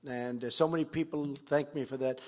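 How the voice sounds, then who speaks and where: A man in his seventies giving a campaign speech at a fundraiser, repeating phrases emphatically and swinging between loud and quiet. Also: medium pitch, steady tone, brisk. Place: fundraiser event.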